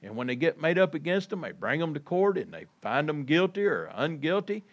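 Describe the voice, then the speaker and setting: Pastor guy preaching, chatty and folksy, voice a bit high and swinging up and down a lot. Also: big pitch swings, brisk, lo-fi sound. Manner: folksy, conversational preaching that addresses listeners as folks. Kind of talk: sermon with scripture reading.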